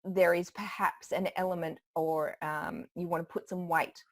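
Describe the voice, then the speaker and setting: A woman's voice: fairly low pitch, steady tone, moderate pace. A woman who trains people in public speaking, a guest giving conversational expert advice and laughing often as she explains.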